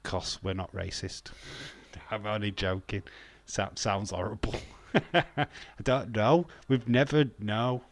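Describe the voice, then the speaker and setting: A man's voice: on the low side, steady tone, takes it slowly, pauses often. A British man from the UK doing a casual live watch-along commentary, joking, swearing a lot and laughing often. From United Kingdom. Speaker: wrestling watch-along streamer.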